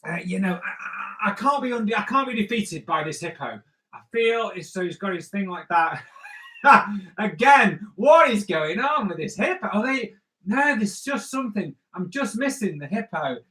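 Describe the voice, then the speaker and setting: A man's voice: high voice, animated, moderate pace, sharp tone, rough recording. A man who makes comics hosts a live drawing stream, chatting playfully and cracking jokes as he sketches viewers' requests. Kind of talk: live draw-along chat.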